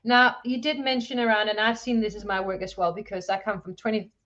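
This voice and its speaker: A woman's voice: medium pitch, fairly even intonation, a little fast, fairly bright tone, dull audio. A woman hosting a livestream interview, enthusiastic and greeting her viewers. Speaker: host.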